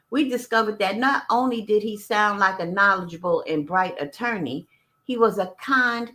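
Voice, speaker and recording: A woman's voice: medium pitch, bright, forceful tone. A woman reading a memoir aloud on a live stream and breaking off to greet viewers and add blunt, profane side comments. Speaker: audiobook reader and live-stream host.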